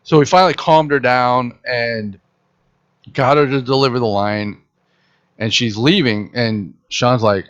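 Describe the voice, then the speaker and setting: A man hosting a casual podcast, spinning a story with lively, acted-out quotes. His voice sits at an ordinary pitch. The recording sounds a bit dull and lo-fi. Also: unhurried. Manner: animated storyteller acting out quotes. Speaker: podcast host.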